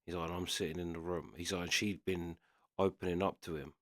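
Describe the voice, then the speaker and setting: A man with a very low voice casually retells a story, quoting his friend over and over as he goes. The recording is dry and close, with no room sound. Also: little pitch movement, brisk, no room sound. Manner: retells a story with constant "he's like" quotes. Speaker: reaction video host.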